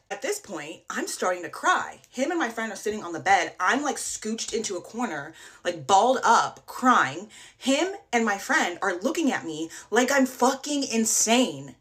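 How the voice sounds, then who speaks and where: A young woman telling a dating horror story to her phone in a casual, animated way, acting out what people said and swearing freely. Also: lowish voice, moderate pace, hardly any pauses. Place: indoors, TikTok video.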